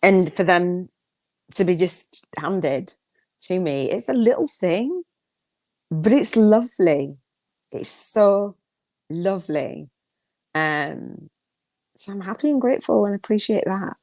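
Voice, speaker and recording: A woman's voice: fairly low pitch, expressive, takes it slowly, pauses often, a little mellow, dry recording. A woman hosting a solo podcast, talking casually and reflectively, rambling with restarts and repeated affirmations. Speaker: podcast host.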